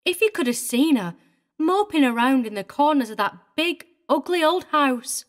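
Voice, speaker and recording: Woman reading prim older governess, fussy and indignant, higher voice, storybook. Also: expressive, normal speed. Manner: prim and indignant, fussily precise. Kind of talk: audiobook character reading.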